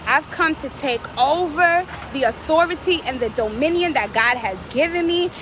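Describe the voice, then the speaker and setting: A woman's voice: sits high, lively intonation, moderate pace, background noise. A woman vlogger giving fervent, preachy encouragement, repeating phrases for emphasis. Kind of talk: casual inspirational talk.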